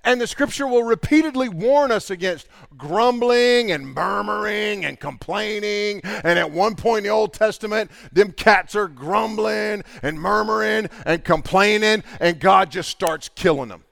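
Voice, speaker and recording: A high-pitched, creaky-voiced man preaches at a measured pace with hardly any pauses, giving a conversational sermon where he animatedly acts out everyday conversations and mimics the speakers to make his point.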